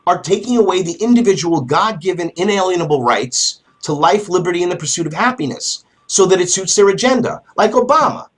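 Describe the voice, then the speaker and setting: A male talk show host speaks with impassioned emphasis. His voice is husky and sits fairly high. He drives his points forcefully. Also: lively intonation, a little fast, few pauses.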